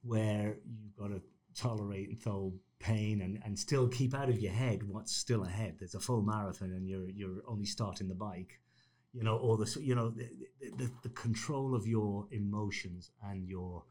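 Man, 50s, low-pitched guest, energetic storyteller who acts out quotes. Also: normal speed. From Ireland. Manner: animated storyteller, acts out quotes in raised voices, laughs often. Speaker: podcast guest. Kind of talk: casual storytelling interview.

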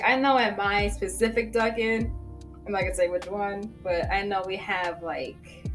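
A woman tells stories in a loose, chatty way, often laughing and leaning on fillers like "like" and "you know." Her voice sits at a middle pitch, with faint music in the background. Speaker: podcast host and coffee shop worker. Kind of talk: casual storytelling chat.

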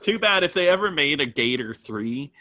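A man co-hosting a podcast, chatting casually about a film in a relaxed way. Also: on the high side, moderate pace. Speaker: podcast co-host. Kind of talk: casual movie review chat.

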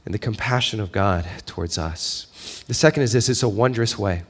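A male pastor giving a sermon, moving between quiet storytelling and raised, emphatic preaching, with a conversational habit of asking "right?". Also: on the low side, normal speed. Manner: conversational, with fillers and frequent "right?".

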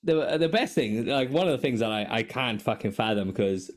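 A man's voice: medium pitch, normal speed. A man hosting a podcast in casual chat, telling stories with constant swearing and frequent laughter. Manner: animated storytelling, heavy swearing, frequent laughter. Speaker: podcast host.

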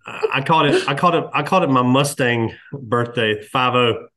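A man, hosting a podcast and telling stories in a relaxed, chatty way, lively when he quotes others. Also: mid-range voice, brisk. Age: 50s. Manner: storytelling, animated when quoting others. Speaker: podcast host. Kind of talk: casual chat.

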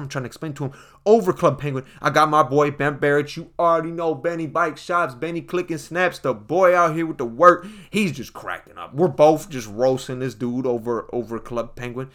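A young man riffing through a loose comedic monologue in heavy slang, talking straight to his listeners as folks. His voice sits at an ordinary middle pitch for a man, and he keeps the mood loose and joking. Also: fairly bright tone.

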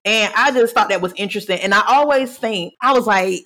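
A woman's voice: mid-range voice, a little fast, a bit bright. A woman co-hosting a podcast, talking casually and thinking aloud as she goes. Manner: conversational, thinks aloud with "like" and "I was just like". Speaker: podcast co-host.

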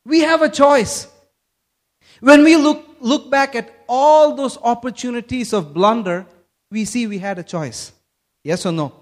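A man's voice: very high voice, unhurried. A man from Kerala, India, preaching a sermon and asking the congregation questions. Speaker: pastor.

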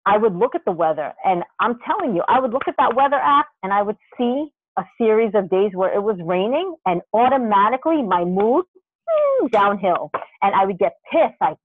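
A podcast co-host chatting casually, telling rambling, animated stories with many restarts and the odd curse word. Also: mid-range voice, normal speed. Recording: dry, tinny phone-line sound.

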